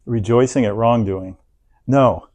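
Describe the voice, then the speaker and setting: A man preaching a sermon in a conversational, animated way, leading the congregation in reading aloud and acting out people's inner thoughts. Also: medium pitch, a little slow.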